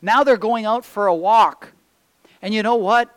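A man preaching a sermon, reading scripture aloud and swinging between loud emphatic peaks and hushed low phrases. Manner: slow, deliberate delivery reading scripture aloud.

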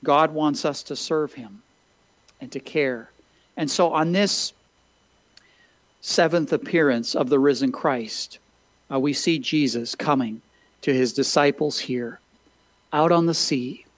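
A man's voice: fairly high pitch, takes it slowly, long pauses, dry recording, low-quality recording. A man pastor preaching a sermon, reading scripture and asking listeners rhetorical questions, with frequent "uh" fillers.

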